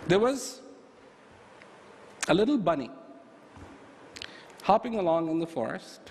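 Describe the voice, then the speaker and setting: A man giving an animated motivational talk, telling stories and asking emphatic rhetorical questions. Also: sits high, a little slow, slight background noise. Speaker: motivational speaker. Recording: echoey hall with faint ambience.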